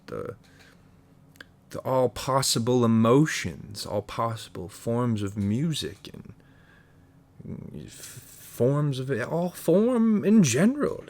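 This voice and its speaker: A man hosting a podcast, musing in a profane, stream-of-consciousness comedic monologue full of restarts and stumbles. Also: medium pitch. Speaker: podcast host.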